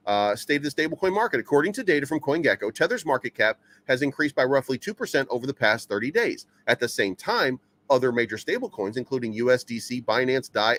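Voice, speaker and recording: A man's voice: mid-range voice, a bit bright. A man hosting a crypto news channel, reading headlines aloud and rambling through them with stammering repeats and many fillers.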